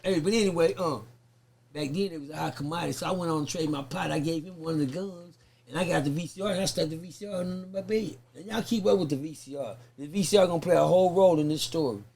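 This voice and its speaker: A man's voice: on the high side, fast talker, vocal fry. A man, a podcast guest telling a profane story in casual chat and acting out the people he quotes. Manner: profane, lively, acts out the voices he quotes.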